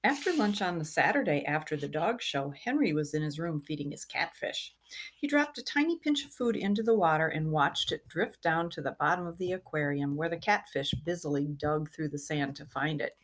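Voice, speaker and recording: A woman reading a children's chapter book aloud, with a gentle manner and lively character voices. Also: low-pitched, moderate pace. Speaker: reader. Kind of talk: storybook read-aloud.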